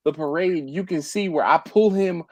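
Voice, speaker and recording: A man's voice: a little high, normal speed, no room sound. A man hosting a barbecue channel, chatting casually on a live stream and rambling with restarts. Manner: animated, rambling, with repeated restarts.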